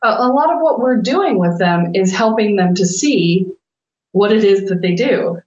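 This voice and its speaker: A middle-aged woman co-hosting a talk show, telling stories in a lively, laughing way and acting out her own past outbursts. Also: medium pitch, moderate pace, reverberant, lo-fi sound. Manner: animated, laughing, quotes herself with swearing. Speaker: spiritual coach and podcast co-host. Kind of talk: casual storytelling chat.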